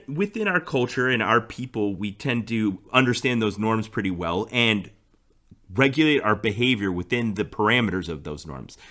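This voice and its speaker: Man, podcast co-host, storytelling, bright tone, lowish voice. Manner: storytelling, laughs often. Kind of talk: casual chat.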